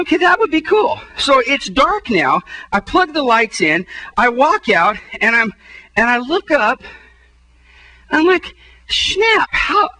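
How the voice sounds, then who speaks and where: A pastor tells a comic story from the pulpit in a strikingly high, very bright and sharp man's voice. He acts out his own frustration, and his voice leaps even higher at those moments. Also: rough recording. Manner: animated storytelling, voice jumping up when exasperated. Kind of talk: humorous sermon story.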